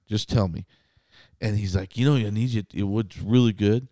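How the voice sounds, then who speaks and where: A man's voice: on the low side, a little fast, warm tone, dry recording, studio quality. A man in his thirties, a podcast co-host and contractor, telling a story in casual chat, quoting others and swearing freely.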